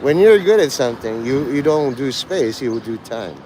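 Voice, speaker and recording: Talking to his stream's chat at normal speed, a man with an expressive, medium-pitched voice rambles through crude jokes and laughs along the way. Background noise is present.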